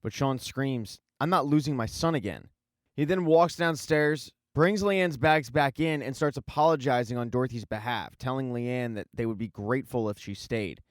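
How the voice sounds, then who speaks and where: A man's voice: medium pitch, moderate pace, few pauses, no echo. A man narrating a casual TV show recap with wry, dry asides. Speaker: TV recap host.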